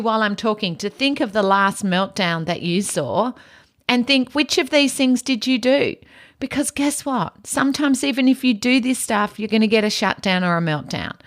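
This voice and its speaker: A middle-aged woman hosting an educational podcast, speaking calmly in a low-key, near-monotone delivery. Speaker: podcast host and autism educator.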